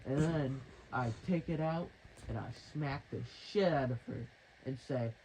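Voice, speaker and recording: A man's voice: mid-range voice, measured pace, a little mellow, slight background noise, low-quality recording. A man telling a rambling, crude, mock-dramatic improvised story.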